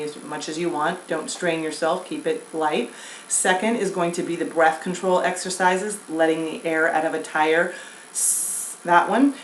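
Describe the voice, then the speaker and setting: A woman vocal coach giving a singing lesson, explaining breath and throat exercises in a relaxed, chatty way and demonstrating sung scales. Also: lowish voice, recorded from a distance. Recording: echoey room with faint noise.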